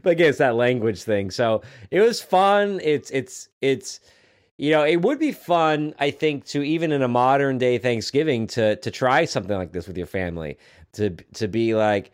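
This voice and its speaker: A man's voice: medium pitch, expressive, moderate pace, clean tone. A man co-hosting a podcast in casual chat, rambling with many fillers and restarts and joking along. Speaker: podcast co-host.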